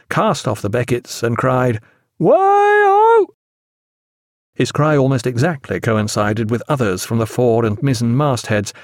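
Measured and expressive, a man reads aloud from a novel as an audiobook narrator. The recording is dry and studio quality, and his voice sits at medium pitch.

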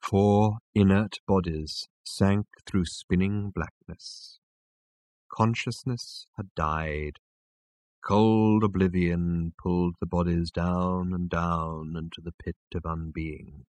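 A man narrating a storybook chapter in a slow, measured, dramatic reading. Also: low-pitched, steady tone, darkish tone, dry recording. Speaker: audiobook narrator. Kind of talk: scripted narration.

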